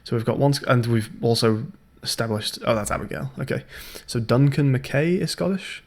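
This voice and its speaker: A man's voice: medium pitch, lively intonation, moderate pace, creaky, darkish tone. Man musing through a puzzle game. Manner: thinking aloud, chatty, hesitant with ums. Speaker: game streamer. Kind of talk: casual let's-play commentary.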